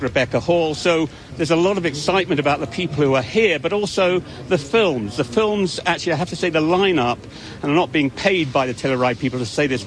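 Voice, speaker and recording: A male film critic speaking casually on location, chatty, with restarts and asides. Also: fairly high pitch.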